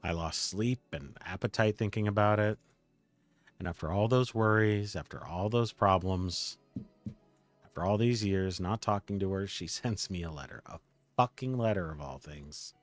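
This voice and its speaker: A man's voice: deep voice, dry recording, soft background music, close to an everyday voice. A man reading a weary, stammering bartender woman. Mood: bitter. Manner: halting, stammering restarts. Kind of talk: game dialogue read aloud by a streamer.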